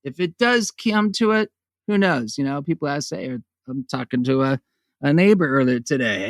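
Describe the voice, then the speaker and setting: A man's voice: a little high, lively intonation, moderate pace, gravelly, a bit bright, dry recording, studio quality. A man hosting his own podcast, ranting in a sarcastic, profane monologue that jumps between jokes and voices. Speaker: podcast host.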